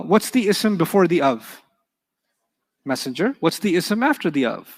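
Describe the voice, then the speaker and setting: A man teaching a grammar class in a lively, animated way, with a voice pitched a little high. He keeps checking in with his students. The hall behind him leaves a long echo. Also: moderate pace. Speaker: Arabic teacher.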